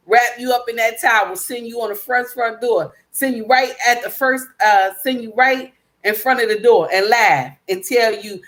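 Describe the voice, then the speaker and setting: Speaking at normal speed, this woman's voice is a little high and a bit bright. As host of a casual livestream, she reads chat comments aloud and lectures with emphasis, repeating herself and calling viewers baby and my dear.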